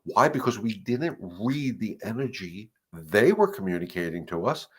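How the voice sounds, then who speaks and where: A man's voice: fairly low pitch, big pitch swings, breathy edge. A middle-aged man, a dog trainer hosting a live question-and-answer session, talking earnestly and emphatically and repeating his points. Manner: earnest and emphatic, repeating points, acting out dogs and owners in quick asides. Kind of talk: live-stream advice talk.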